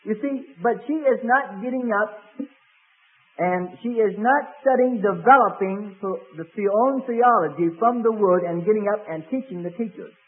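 A man's voice: high voice, normal speed, phone-quality sound. A man preaching a sermon as pastor, telling stories with many fillers and acted quotes.

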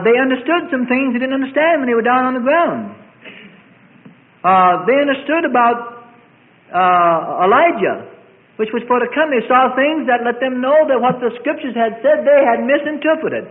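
A man preaching a sermon, building to emphatic peaks and dropping to soft, conversational asides. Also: extremely high pitch. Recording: tinny phone-like recording.

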